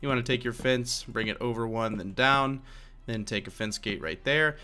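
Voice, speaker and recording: A young man voices a casual Minecraft building tutorial in a mid-range, sharp-toned voice at normal speed, with soft background music. He rambles chattily, full of fillers and frequent self-corrections.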